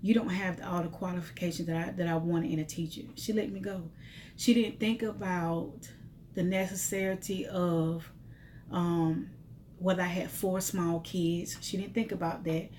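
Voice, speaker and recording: Middle-aged woman, lower voice, heartfelt storytime vlogger, faint hiss behind. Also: flat delivery, unhurried, a little mellow. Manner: testifying, repetitive, speaks directly to viewers. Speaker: vlogger telling her life story. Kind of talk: emotional storytime vlog.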